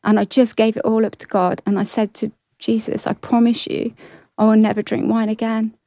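Gravelly earnest woman sharing her story. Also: on the high side, flat delivery, dark tone, no echo, studio quality. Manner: earnest, halting, with many restarts. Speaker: guest sharing testimony. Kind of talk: emotional personal testimony.

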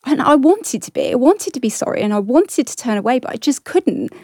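A woman giving an earnest, halting personal testimony, often restarting her sentences. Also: high voice, big pitch swings, a little mellow, breathy edge, no room sound, clean studio sound. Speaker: guest sharing testimony.

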